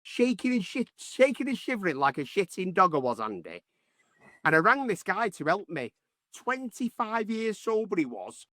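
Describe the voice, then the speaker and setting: A man's voice: high-pitched, big pitch swings, moderate pace, sharp tone, no room sound, studio quality. A man, a podcast host talking in a casual, heartfelt way who repeats phrases for emphasis.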